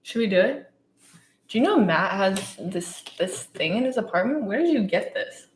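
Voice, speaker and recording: A woman's voice: mid-range voice, animated, normal speed, slight background noise. A young woman co-hosting a podcast, teasing and giggling in casual chat. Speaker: podcast co-host. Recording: echoey room.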